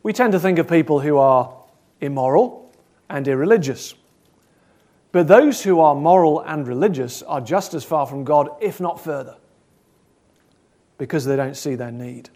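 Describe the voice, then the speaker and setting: A man preaching a sermon, earnest, asking probing questions and swinging between loud and soft. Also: on the high side.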